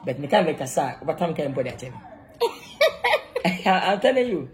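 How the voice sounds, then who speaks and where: A comic actor with a Ghanaian accent, this man has a slightly high voice with huge pitch swings and an unhurried pace. He's performing an improvised comedy skit, rambling, laughing, and breaking into sung praise.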